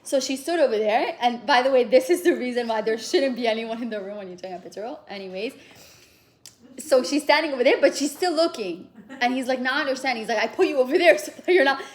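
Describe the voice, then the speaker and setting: Thirties woman leading a class, chatty, animated, lots of fillers, slightly high pitch. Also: fast talker. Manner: animated, laughing through the story, many fillers. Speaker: workshop teacher. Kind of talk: casual storytelling to a class.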